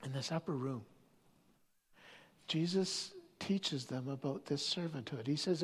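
A pastor preaching a sermon, telling stories with many restarts, moving between loud stretches and near-whispers. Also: medium pitch, unhurried, long pauses, breathy edge. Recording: long hall reverb.

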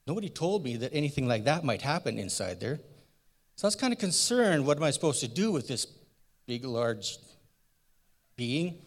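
Zechariah, a man playing an old folksy priest. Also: on the high side. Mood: earnest retelling. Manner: folksy, earnest, rambling storyteller. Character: elderly priest Zechariah retelling his angel encounter. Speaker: church member in a sermon skit. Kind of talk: first-person dramatic monologue. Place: church. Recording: long church hall reverb.

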